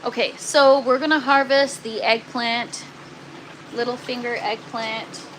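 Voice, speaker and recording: A woman's voice: on the high side, steady tone, a little slow, background noise. A woman hosting a casual gardening live stream from an indoor grow tent, chatting with viewers and using lots of ums and "you guys.".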